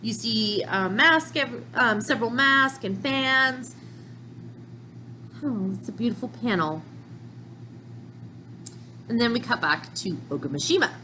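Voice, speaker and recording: A woman hosting a manga reaction video, reading panels aloud and thinking out loud between them. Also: on the high side, expressive, unhurried, pauses often, slight background noise, rough recording. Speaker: manga reaction channel host.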